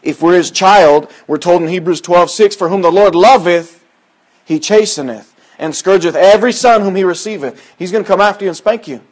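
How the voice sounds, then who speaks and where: Guy preaching, kinda high voice, gets loud then drops to almost a whisper, chatty folksy style. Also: a little fast. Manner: swings from loud emphatic preaching to near-whispered asides; folksy, conversational preaching with scripture quotes. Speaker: pastor. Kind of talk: sermon.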